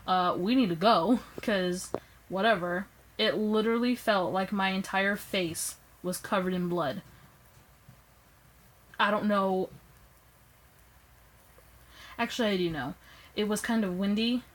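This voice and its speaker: A young woman tells a personal story straight into her phone camera, chatty and expressive. She acts out the quoted lines by pushing her voice up, and her mid-range pitch moves a lot from line to line. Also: slight background noise, low-quality recording. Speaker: vlogger.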